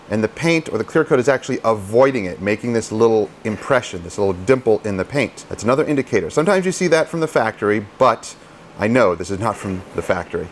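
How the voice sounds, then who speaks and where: A man's voice: mid-range voice, a little hiss or hum. A man who details cars, explaining paint polishing in a casual, chatty how-to style and joking at his own expense. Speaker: car detailer teaching polishing.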